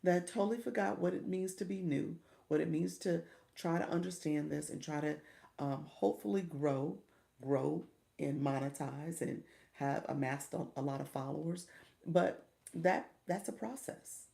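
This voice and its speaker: A deep-voiced, heavily gravelly woman in middle age talks through a casual livestream. She coaches her viewers in an encouraging way, punctuating points with a quick "okay?", and greets newcomers warmly by name. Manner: chatty, greets viewers by name, stumbles over pronunciations.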